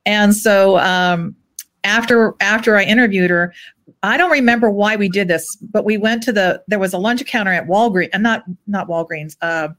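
A woman's voice: mid-range voice, normal speed, a bit bright. A woman co-host recalling things, searching for words. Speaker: co-host, former newspaper journalist. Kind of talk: casual chat.

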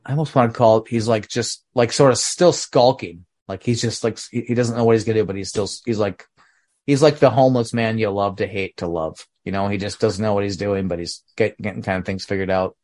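A man's voice: on the low side, fairly even intonation, a little fast, a little mellow. A man hosting a podcast who casually retells film scenes in a rambling way, leaning heavily on "like.". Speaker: podcast host. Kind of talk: casual film discussion chat.

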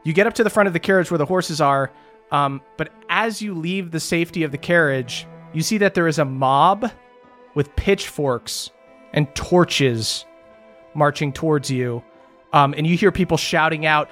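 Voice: mid-range voice, normal speed, fairly bright tone, soft background music. A game master narrating a tabletop game in a casual manner, laughing and swearing freely.

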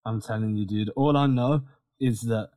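A man co-hosting a casual sports podcast, talking in an animated, quick way with frequent restarts. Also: lowish voice, no echo. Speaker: podcast co-host.

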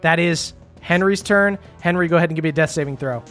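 A man's voice: a little high, quick pace, fairly bright tone, faint music behind. A young man running a tabletop game as game master, telling the story dramatically in a loose, swearing, casual way.

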